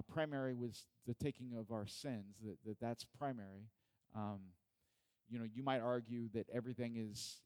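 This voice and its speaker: A man's voice: on the low side, a little mellow, clear, resonant tone. A man preaching in an earnest Bible study, repeating points and asking questions of his listeners.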